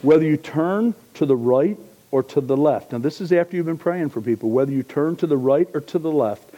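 A pastor preaches a sermon in a conversational, joking way, swinging from loud emphasis to hushed asides. His voice is on the high side with lively intonation and a slightly fast pace, and the recording's highs are cut off.

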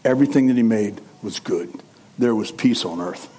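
A male pastor preaching a sermon in an animated, conversational way, with asides and self-corrections. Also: lowish voice, moderate pace, breathy edge.

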